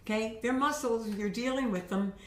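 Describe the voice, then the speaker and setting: A woman's voice: on the high side, moderate pace, recorded from a distance. Chatty woman vocal coach in a roomy space. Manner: chatty and encouraging, frequent "okay?" check-ins. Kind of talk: instructional talk to camera. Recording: roomy echo.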